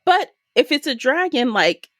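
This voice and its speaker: A woman's voice: sits high, very animated, unhurried, a bit bright, dry recording, studio quality. A woman co-hosting a podcast, giving a casual and joking book review. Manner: laid-back, joking, swears casually. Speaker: podcast co-host.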